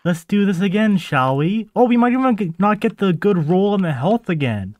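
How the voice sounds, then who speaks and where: This gaming channel host has a high-pitched voice with big swings in pitch, a moderate pace, and a slightly mellow tone on a dry recording. He talks to his audience while playing in a casual let's-play style, quick to get exasperated.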